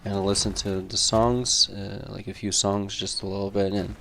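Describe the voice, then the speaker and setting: A man's voice: lowish voice, little pitch movement, normal speed, gravelly, fairly bright tone, a little hiss or hum. A man chatting casually and swearing a lot, telling rambling stories full of fillers. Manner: profane, laid-back storytelling full of fillers.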